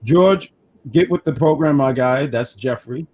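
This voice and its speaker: A man co-hosting a casual wrestling review stream, talking in quick restarts and reading chat comments aloud. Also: mid-range voice, a little mellow. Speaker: wrestling review show co-host.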